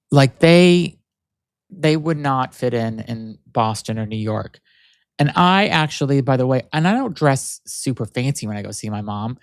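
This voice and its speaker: A man's voice: mid-range voice, no echo, clean studio sound. A man hosting his own podcast, talking casually and rambling with lots of fillers and restarts, his voice not very masculine. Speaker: podcast host. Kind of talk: casual solo podcast chat.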